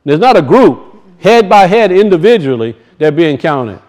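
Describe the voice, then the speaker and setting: A man's voice: a little high, sing-song, normal speed, a little mellow. A man teaching from scripture to a congregation, asking questions, answering them himself and repeating key points. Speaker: bible teacher. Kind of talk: teaching sermon.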